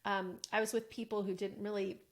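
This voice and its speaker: A woman's voice: mid-range voice, brisk. A woman around forty telling a personal story in a casual, chatty way, full of "like" fillers. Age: about 40. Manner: chatty, animated, many "like" fillers. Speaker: wellness coach and podcast host.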